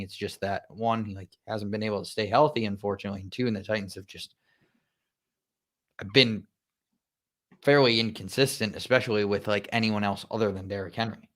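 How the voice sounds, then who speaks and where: A man's voice: fairly low pitch, a bit bright. A man co-hosting a fantasy football podcast in casual chat, mild-mannered and against swearing, often restarting his sentences. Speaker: podcast co-host.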